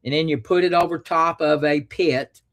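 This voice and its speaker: A man hosts a call-in show in a folksy, rambling way, with crude humor and homespun sayings. His voice sits a little high for a man. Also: steady tone, moderate pace, a bit bright. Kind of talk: casual call-in talk.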